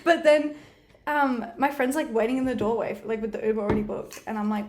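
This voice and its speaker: A woman's voice: a little high, quick pace, noisy background. A young woman, chatting as a guest and telling stories animatedly, with lots of laughter. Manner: animated storytelling with frequent laughter and "like". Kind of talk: casual chat.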